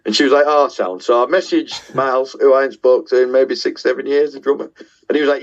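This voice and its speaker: A man's voice: medium pitch, fairly quick, muffled recording. A middle-aged man with a Yorkshire accent, a guest musician telling casual, self-deprecating stories with the odd swear word. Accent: Yorkshire English. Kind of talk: casual storytelling.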